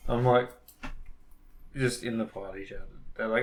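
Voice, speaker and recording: A man's voice: lowish voice, fairly even intonation, a little slow, long pauses. A man co-hosting a casual podcast, mostly throwing in short reactions and laughing along. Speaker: podcast co-host. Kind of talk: casual chat.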